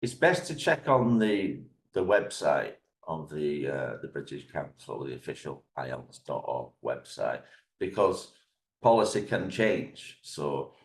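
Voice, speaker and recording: A man who teaches English exams, guesting on a podcast and explaining things in a measured, step-by-step way. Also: very deep voice, big pitch swings, vocal fry, reverberant. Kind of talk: interview answers, explanatory.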